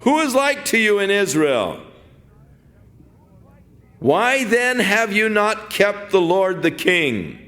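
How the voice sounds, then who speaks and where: A man's voice: high-pitched, sing-song, slow, fairly bright tone, voice pushed up, full character voice. A man voicing a young man calling out across a distance, in a raised, pleading voice. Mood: rebuking.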